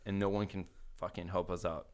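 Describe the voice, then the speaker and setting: A young man from California telling a travel story in casual podcast chat, animated, swearing a lot and acting out the voices of the people in his story. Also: low-pitched, brisk.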